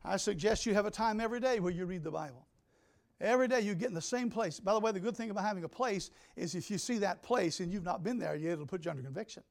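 High-pitched guy pastor preaching, loud then hushed, emphatic. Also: fast talker, creaky. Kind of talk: sermon.

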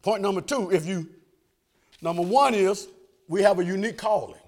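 With a high-pitched voice at a moderate pace, this preacher delivers a down-home sermon, dropping to whispered asides and rising to shouts, inviting amens and laughing along with the crowd.

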